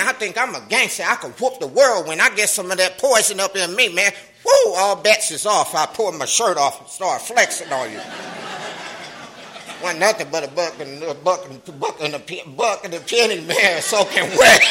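Animated high-voiced man sharing his story. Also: low-quality recording. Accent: African American Vernacular English. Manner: animated, streetwise storytelling with profanity and laughter. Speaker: speaker sharing his recovery story at a meeting. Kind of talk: recovery meeting share.

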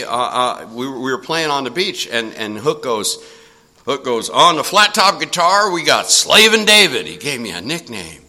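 An older man telling a personal story in a casual, animated way, chuckling often. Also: medium pitch.

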